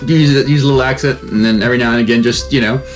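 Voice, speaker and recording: Young man, rapid speech, deadpan, faint music underneath. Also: mid-range voice. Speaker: reaction video co-host. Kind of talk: casual joking chat.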